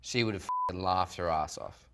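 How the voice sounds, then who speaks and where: A man's voice: deep voice, normal speed, vocal fry, noisy background. A young Australian man in casual after-show chat, laid-back, laughing often and swearing freely. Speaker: yacht crew member on a reality-show after show.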